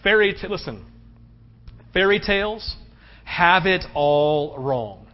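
Emphatic pastor preaching, lo-fi recording. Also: male voice, slow pace. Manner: emphatic preaching, rising to loud, high-pitched peaks; animated storytelling with frequent "right?" asides. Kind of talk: sermon. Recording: dull, lo-fi sermon recording.

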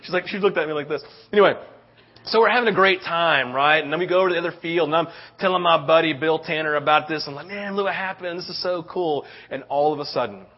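Middle-aged preacher, animated, slightly high. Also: male voice, quick pace, slight background noise. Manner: animated storytelling, frequent "right?" tag questions. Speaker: pastor. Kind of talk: sermon. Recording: dull lo-fi sound.

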